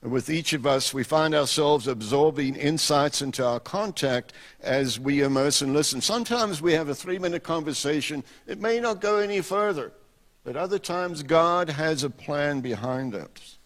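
A man, a missionary telling a story during a sermon in a relaxed, wry manner. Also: a little high, normal speed, long reverb tail. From South Africa. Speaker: missionary speaker.

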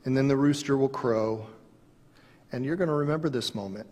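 A man's voice: mid-range voice, fairly quick, a little mellow, in a large hall, a little hiss or hum. A man pastor giving an earnest, conversational sermon.

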